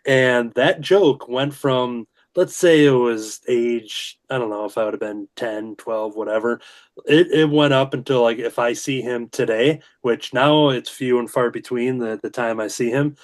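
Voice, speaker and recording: A man with an everyday mid-range voice, talking casually as a guest on a video call. He tells his stories in a loose, rambling way, stopping to restart and filling pauses with "uh" and "um.". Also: mid-range voice. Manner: rambling storytelling with many fillers and restarts. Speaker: guest comic creator. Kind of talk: casual chat.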